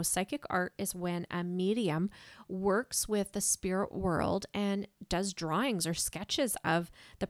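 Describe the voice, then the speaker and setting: Animated woman telling a story, dry sound. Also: no echo. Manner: animated, voices quoted people with pitch jumps. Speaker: podcast host, medium. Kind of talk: personal storytelling.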